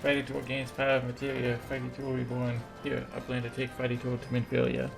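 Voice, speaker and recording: A man reading lines for a goblin craftsman in halting, broken speech, mostly in his own voice. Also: medium pitch, gravelly, natural voice. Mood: earnest. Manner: halting pidgin phrasing, read flatly. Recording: game music behind.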